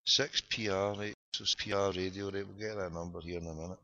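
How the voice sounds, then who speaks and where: Brief: Glasgow host, sharp bright tone, dull lo-fi webcast sound, joking and rambling. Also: male voice, deep voice, steady tone, quick pace, dry recording. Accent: Glasgow Scottish. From Scotland. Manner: boisterous, rambling wisecracking patter. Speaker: host of an internet show. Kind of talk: jokey call-in banter. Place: parked car.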